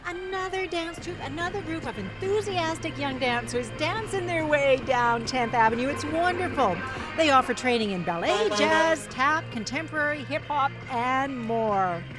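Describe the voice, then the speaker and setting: A woman with a high voice does live commentary at an outdoor parade. She exclaims eagerly at each group that passes. Music plays clearly behind her. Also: animated, normal speed. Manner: enthusiastic, exclaiming.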